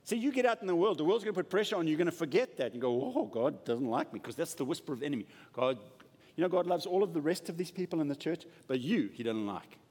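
A man preaches with a lively, swooping delivery that sits a little high for a male voice. He acts out quoted voices and drops to soft asides. A long hall reverb trails after his words in the church. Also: fast. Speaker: pastor. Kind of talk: sermon. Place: church sanctuary.

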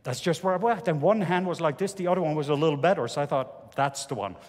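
A man's voice: a little high, lively intonation, darkish tone. Earnest man preaching in a reverberant hall. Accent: Norwegian. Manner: earnest storytelling with halting restarts. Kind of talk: sermon with personal testimony.

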